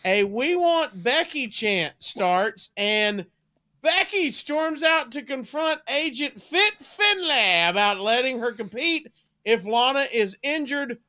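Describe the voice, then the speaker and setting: Bright high-voiced male podcast co-host. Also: lively intonation. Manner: brisk recap narration with light asides. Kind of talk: reading a match recap.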